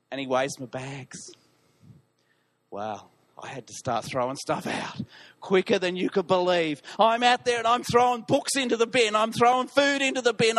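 High-voiced pastor telling stories. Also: male voice. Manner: animated, self-deprecating storytelling. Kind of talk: sermon with a personal story.

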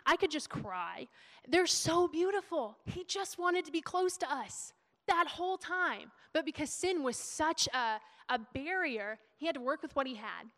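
A woman's voice: high-pitched, expressive, unhurried, a bit bright. A young woman giving a sermon in a chatty, emotional way. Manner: emotional, chatty, laughing preacher. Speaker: preacher. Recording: long hall reverb.

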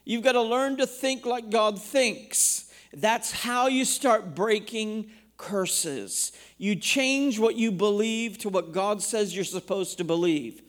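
A high-pitched man preaches in a church. He reads scripture aloud and turns to ask the congregation questions as he goes. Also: slow pace, hardly any pauses, fairly bright tone. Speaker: pastor. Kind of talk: sermon.

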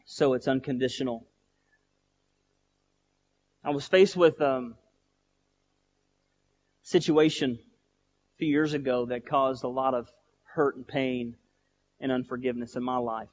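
A male pastor preaching a sermon, telling stories and building from quiet, slow lines to loud, emphatic ones. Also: medium pitch, steady tone, big-room sound, lo-fi sound. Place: church sanctuary.

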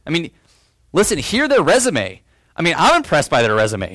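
A man preaching a sermon, earnest, asking rhetorical questions, dropping low and quiet on solemn lines. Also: huge pitch swings, moderate pace, dry recording, clean studio sound. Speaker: pastor.

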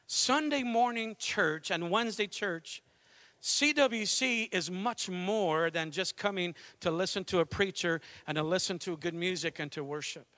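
A middle-aged pastor preaching a fervent sermon, mixing calls to worship with a conversational family story. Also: male voice, sits high, measured pace, bright, forceful tone. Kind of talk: Pentecostal sermon.

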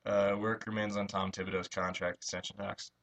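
A man with a lowish voice and a bright, forceful tone co-hosts a college radio sports show. He jokes around and laughs easily while talking draft trades. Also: flat delivery, brisk, creaky. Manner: jokey, laughs often, mock pleading bits. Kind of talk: casual sports chat.

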